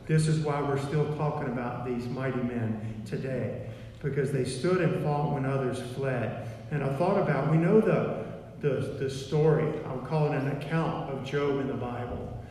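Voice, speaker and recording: A man's voice: medium pitch, normal speed, warm tone, a little hiss or hum. A man preaching a sermon in a repetitive, emphatic way, recorded in a church. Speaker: pastor. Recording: echoey hall from far off.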